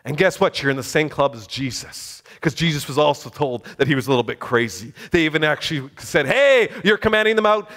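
A man's voice: mid-range voice, brisk, few pauses, a bit bright. A man preaching a sermon in a fervent, exclaiming way.

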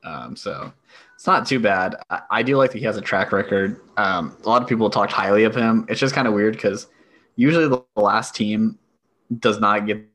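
A laid-back man co-hosting a sports podcast, with a low and husky voice. He chats casually and keeps agreeing with his co-host. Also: normal speed, fairly bright tone. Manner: laid-back, agreeable, many short affirmations.

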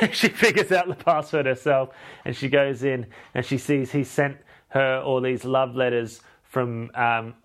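A man, a podcast host, rambling through a comic film recap in a deadpan, sweary way. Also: medium pitch, measured pace.

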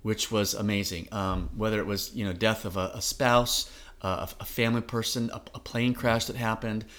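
A man's voice: lowish voice, fairly even intonation, normal speed, fairly bright tone. A middle-aged man co-hosting a podcast, talking in an earnest, encouraging way. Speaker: podcast co-host. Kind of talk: casual chat.

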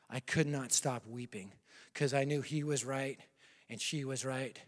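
Animated male preacher in reverberant hall. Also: a little high. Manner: animated, swings from loud bursts to hushed confession. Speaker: pastor. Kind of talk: sermon with storytelling. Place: large church hall.

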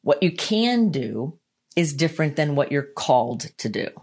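A woman giving a motivational self-help talk, earnest and emphatic, repeating her key lines and slowing down to stress them. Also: low voice, big pitch swings, a little mellow, breathy edge. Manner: slows down to stress points. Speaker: motivational speaker.

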